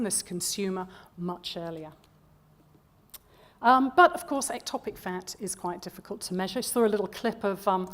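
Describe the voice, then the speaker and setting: A woman researcher giving a conference presentation. She speaks conversationally, with frequent "um"s and repeated words as she talks the audience through her slides. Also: medium pitch. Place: conference hall.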